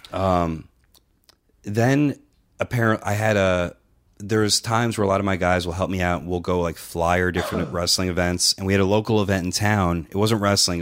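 A middle-aged man hosting a podcast, telling a long, profane story in casual chat and acting out the dialogue. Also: low voice. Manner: profane, animated anecdote-telling with quoted dialogue. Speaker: podcast host and wrestling trainer.

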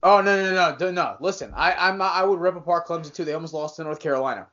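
A man's voice: fairly high pitch, quick pace, sharp tone. A man co-hosting a casual sports podcast, rambling and teasing, often correcting himself mid-sentence. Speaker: podcast co-host. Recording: dull lo-fi podcast audio.

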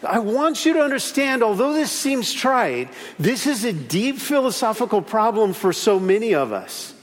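Animated high-voiced pastor preaching. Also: male voice, normal speed, big-room sound. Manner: animated, repeats key phrases, acts out little stories. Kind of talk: sermon.

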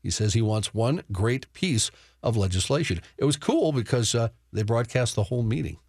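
A man's voice: mid-range voice, animated, normal speed, a little mellow, no room sound. A man reading the news on a sports talk radio show, matter-of-fact and chuckling between stories, in a studio. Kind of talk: reading news updates with banter.

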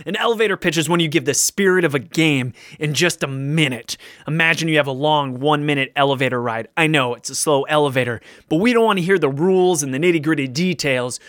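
A man's voice: a little high, fast talker, few pauses, fairly bright tone, no echo, clean studio sound. A man co-hosting a podcast, joking and teasing in casual chat. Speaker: podcast co-host.

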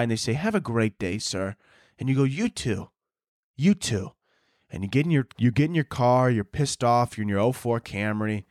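A man's voice: medium pitch, no echo, clean studio sound. Man ranting sarcastically on a podcast. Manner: exaggerated, sarcastic ranting with dark humor; rambling, self-interrupting storytelling. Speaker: podcast host. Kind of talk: comedic podcast rant.

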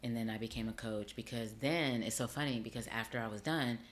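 A middle-aged woman, an actor and acting teacher, chatting in an interview and telling her story with lively acted-out dialogue. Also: extremely low pitch, a little fast, a little hiss or hum. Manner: animated storyteller, acts out quoted dialogue. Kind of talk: casual interview chat.

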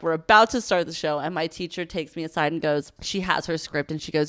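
A woman's voice: low-pitched, fairly quick, few pauses, dry recording, clean studio sound. A young woman co-hosting a podcast, telling a rambling, profane story and acting out the quotes she tells. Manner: rambling, profane, animated retelling with acted quotes. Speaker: podcast co-host. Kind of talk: casual storytelling chat.

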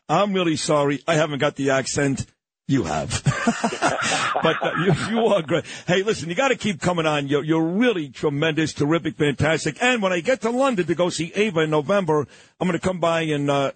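Male radio host, effusive and chatty, raised pitch, husky, lively intonation. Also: a little fast. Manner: effusive, laughs often. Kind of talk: casual radio chat.

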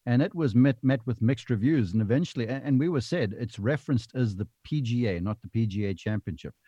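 A man with a mid-range voice talks golf on a podcast, animated and emphatic as he tells a story. The sound is dry and close. His delivery stays lively and insistent. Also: medium pitch, a little fast, husky, no room sound, highs cut off. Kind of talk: casual panel chat.

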